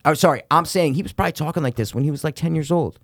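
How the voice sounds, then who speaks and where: A man's voice: fairly high pitch, very fast, no echo, clean studio sound. Emphatic, profane man in casual chat. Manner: emphatic, profane, repeats "what I'm saying".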